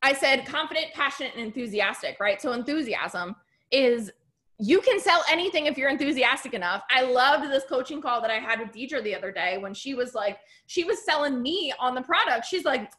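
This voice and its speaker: A woman's voice: high-pitched, animated, a little fast, fairly bright tone. A woman coaching her team on a video call, bubbly and chatty, full of "like" and "right?". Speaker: business coach.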